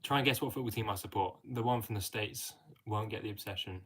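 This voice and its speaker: Speaking quickly in a fairly low, fairly bright voice with a breathy edge, this young English livestream host reads out his chat's comments and replies casually. He's friendly and talkative, often tossing in "mate."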